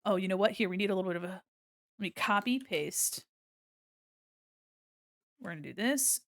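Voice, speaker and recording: A woman's voice: mid-range voice, normal speed, pauses often, no room sound, clean studio sound. A woman chatting casually and rambling in a silly, giggly way on a livestream as she draws. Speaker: streamer. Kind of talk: casual livestream chat while drawing.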